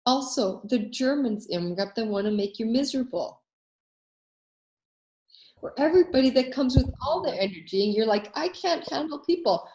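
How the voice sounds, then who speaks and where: A woman hosting a coaching workshop, telling anecdotes in a casual, animated way and acting out the voices she quotes. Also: a little high, normal speed, pauses often, roomy sound.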